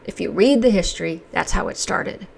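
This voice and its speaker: A woman's voice: medium pitch, normal speed, vocal fry, darkish tone. A woman giving an emotional, indignant opinion monologue as the host of a commentary channel. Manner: impassioned, indignant, emphatic. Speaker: commentary vlogger.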